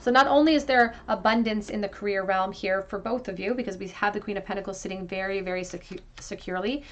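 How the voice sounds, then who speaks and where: Woman doing a tarot pick-a-card reading, soft reassuring tone, lots of ums, mid-pitched voice. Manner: gentle, reassuring, thinking aloud with ums. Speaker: tarot reader.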